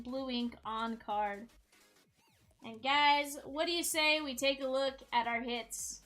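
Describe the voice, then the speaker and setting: High bright-voiced woman running a live card break, unhurried, hypes every pull, faint music underneath. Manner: hypes card pulls, shouts out chat viewers. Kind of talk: live-stream sales patter.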